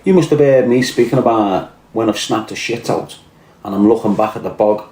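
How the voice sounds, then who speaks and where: Fairly low, mellow and fairly quick, a Scouse man's voice carries a crude, casual livestream as he reads out chat and spins blunt, swaggering, profane stories. The recording has a roomy echo.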